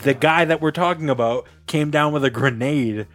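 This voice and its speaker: A man's voice: on the high side, normal speed, fairly bright tone, no echo, soft background music. A man hosting a casual podcast, telling a long story with laughs and acted-out quotes. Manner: rambling, laughing, acts out quotes. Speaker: podcast host.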